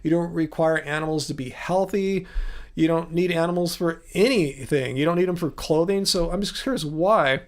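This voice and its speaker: A man's voice: fairly high pitch, moderate pace. Earnest middle-aged man questioning chat. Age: 40s. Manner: earnest, questioning, conversational with many restarts. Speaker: livestream host answering chat. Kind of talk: casual livestream chat. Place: home studio.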